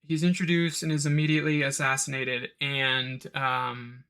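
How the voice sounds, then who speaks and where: A man's voice: flat delivery, sharp tone, clean tone. A man hosting a solo podcast and reviewing a film, rambling with asides and mimicking characters' lines. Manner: rambling, quick asides, mock-quotes characters in a higher voice. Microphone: home recording of a live stream.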